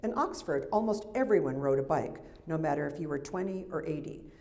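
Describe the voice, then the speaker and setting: A woman's voice: deep voice, lively intonation, a little fast, dark tone. Older woman reading her memoir. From United States. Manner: wry, chatty asides between reading. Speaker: author. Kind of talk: reading her memoir aloud at a live event. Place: library event hall. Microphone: handheld or stand mic.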